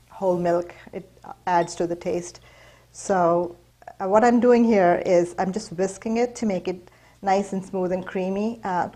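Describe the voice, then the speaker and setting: Woman host, low-ish voice, casual cooking demo, chatty with fillers. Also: low-quality recording. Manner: relaxed, chatty, many fillers. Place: kitchen.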